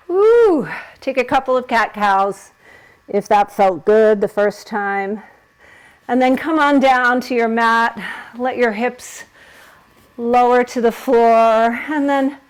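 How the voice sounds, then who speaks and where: A woman's voice: fairly high pitch, poor audio. A woman leading a yoga class, giving encouraging instructions and laughing at herself while she holds the poses.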